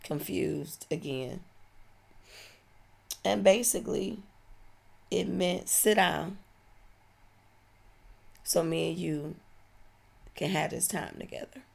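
Woman, 40s; deep, heavily creaky voice; slow, heartfelt testimony. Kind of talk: personal testimony.

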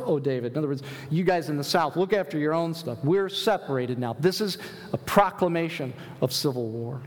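A man delivers a sermon with animated energy, tossing rhetorical questions at the congregation and reading passages aloud. His voice sits a bit high for a man. Long reverb trails each phrase, as in a big church sanctuary. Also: a little hiss or hum. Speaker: pastor.

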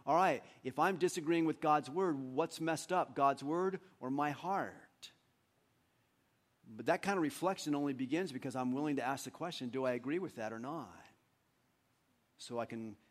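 A male pastor preaching a sermon on meditation, with joking asides and voices he acts out. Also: on the high side.

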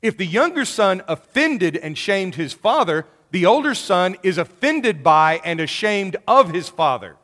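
A man preaching a sermon in an animated way, acting out the people in his story. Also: sits high, measured pace, hardly any pauses, long reverb tail. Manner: animated, acts out quoted voices.

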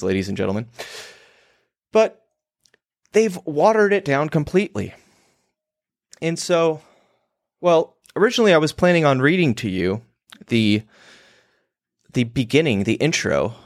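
Slow, animated man with a provocative delivery. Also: medium pitch, no echo, studio quality. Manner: emphatic, provocative, crude and theatrical. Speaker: newsletter writer hosting his own show. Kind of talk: monologue on copywriting.

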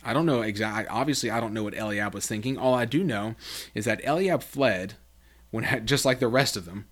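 A man hosting a Bible study podcast, reading scripture aloud and explaining it, acting out quoted lines with big pitch jumps. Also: a little fast.

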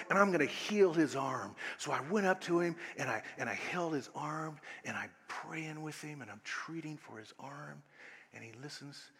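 A man preaching a sermon as a minister. He tells stories and leads his listeners through a short exercise, swinging between loud, laughing passages and hushed, near-whispered ones. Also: mid-range voice, breathy edge, in a large hall.

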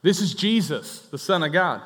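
A man's voice: on the high side, expressive, a bit bright. A pastor voicing Jesus as a friendly, eager man calling on the phone. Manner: friendly, quick, cheerful invitation. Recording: echoey church hall.

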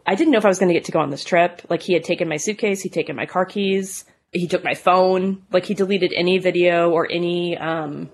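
Low-voiced woman recounting her past. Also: steady tone, a little fast, a little hiss or hum. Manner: candid, conversational, with fillers like "like" and "you know". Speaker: guest telling her story. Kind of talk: personal testimony.

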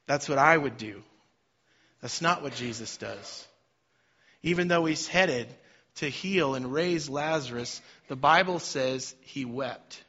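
A man, a pastor, preaching a sermon with dynamic swings between loud emphasis and soft, quiet lines. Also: mid-range voice, takes it slowly, slightly rough, highs cut off.

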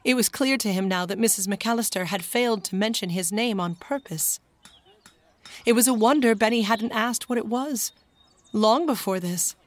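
A woman narrating a children's storybook as an audiobook in a calm, even manner. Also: on the high side, normal speed.

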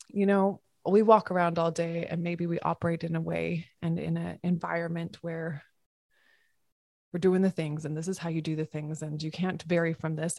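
A woman yoga teacher giving a reflective podcast talk, musing softly with halting restarts. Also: lowish voice, no room sound, clean studio sound.

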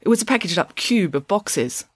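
A woman reading a children's chapter book aloud in an expressive storytelling voice, close to the microphone. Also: medium pitch, a little fast, husky, dry recording. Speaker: audiobook reader.

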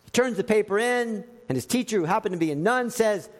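An animated male preacher who tells stories and acts out the scenes. His high voice swoops widely. A long reverb from a large church hall hangs behind every phrase. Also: a little fast. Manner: animated storytelling, acting out scenes. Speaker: pastor. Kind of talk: sermon.

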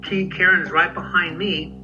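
A fairly high-voiced man tells his own story of an accident, acting out the words of others in a lively way. The sound is a bit dull, and loud music plays behind him. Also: moderate pace. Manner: vivid, acts out dialogue. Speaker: interviewee recounting an accident. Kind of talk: personal testimony.

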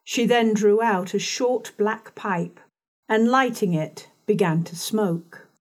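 A woman narrating an audiobook chapter in a measured, calm way. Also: mid-range voice. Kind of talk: scripted narration.

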